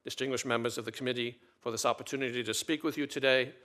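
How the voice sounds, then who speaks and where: A man reads formal prepared testimony before a committee. His delivery is measured and deliberate, at a middle pitch. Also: steady tone, fairly bright tone. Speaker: ambassador nominee testifying.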